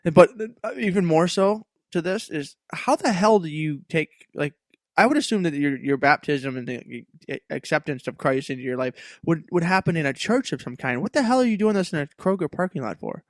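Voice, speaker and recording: A man's voice: fairly high pitch, expressive, brisk, no echo. A man co-hosting a podcast who chats casually and asks curious questions, with many fillers. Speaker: podcast co-host. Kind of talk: casual chat.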